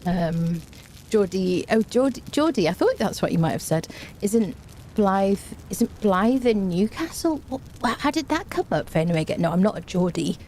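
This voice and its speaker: A woman's voice: medium pitch, big pitch swings, normal speed, darkish tone, a little hiss or hum. A woman chatting casually on a game live stream, rambling and thanking viewers by name.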